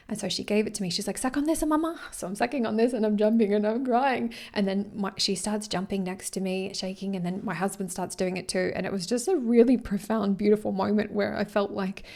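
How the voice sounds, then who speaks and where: A woman talking casually to her followers in a rambling, earnest way, sometimes dropping to a soft whisper. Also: mid-range voice, steady tone, a little fast, vocal fry. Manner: rambling and warm-hearted, often losing her thread. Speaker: vlogger speaking to her followers. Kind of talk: casual chat to camera.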